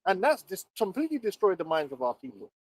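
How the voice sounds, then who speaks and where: A man's voice: high voice, wildly swooping pitch, quick pace, low-quality recording. A man on a casual livestream, ranting emphatically with plenty of profanity. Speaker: livestream co-host. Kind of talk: casual heated chat.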